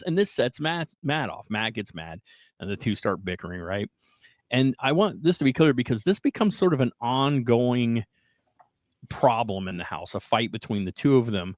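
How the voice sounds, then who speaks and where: A man hosting a podcast, casually retelling a strange story in an animated way, often checking in with "right?" and "like". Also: mid-range voice, moderate pace, dry recording, low-quality recording. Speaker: podcast host.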